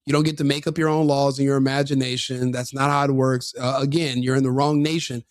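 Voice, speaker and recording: An online commentator reacts to a video with profane commentary, brash, mocking and combative, laughing at his own jokes. His mid-range voice stays level in tone and moves fast, captured as a dry, clean studio recording.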